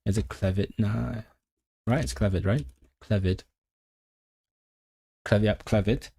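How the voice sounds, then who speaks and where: This man's voice is lowish, a little slow, and creaky, mellow, and husky all at once. During a casual livestream where he studies a language, he thinks aloud, sounding out new words and going over them again.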